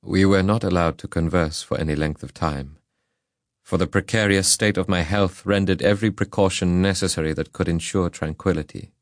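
Man narrating an audiobook, very low voice, solemn and measured, dry close sound. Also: no echo. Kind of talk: audiobook reading.

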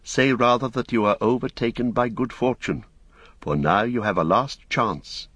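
A man voicing a noble, serene elven lady who speaks calmly and loftily, in an audiobook reading. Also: medium pitch, normal speed, slightly rough, dry recording, pitched above the performer's own voice.

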